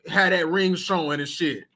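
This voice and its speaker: A man hosting a reaction video, giving casual commentary in slang, animated and swinging between loud disbelief and low muttering. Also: slow pace, breathy edge. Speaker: reaction channel host.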